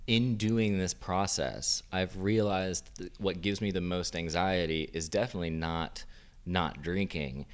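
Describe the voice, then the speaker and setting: A man's voice: low voice, fairly even intonation, a little slow. A man hosting a podcast, telling loose, rambling stories in casual chat. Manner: rambling, loose storyteller full of fillers. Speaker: podcast host.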